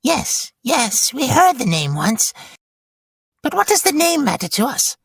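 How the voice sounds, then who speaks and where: A man reading a novel aloud and voicing a wretched, cringing male creature in a high, breathy, whining voice. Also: very animated, unhurried, a bit bright, no echo, exaggerated voice. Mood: pleading. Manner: whining, sing-song read-aloud performance.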